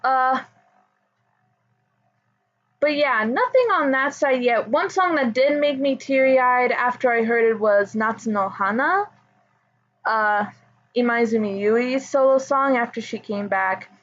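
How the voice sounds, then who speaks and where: A woman chatting casually as a pop music fan, rambling with fillers and soft laughs. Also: fairly high pitch, a little slow, long pauses. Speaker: idol fan commentator. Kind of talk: casual chat. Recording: dull lo-fi audio.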